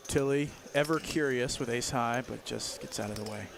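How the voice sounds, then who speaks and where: A man's voice: mid-range voice, moderate pace, gravelly, noisy background. A man from Louisiana with a Southern accent, commentating a live poker stream with playful banter. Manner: joking, playful banter with co-host.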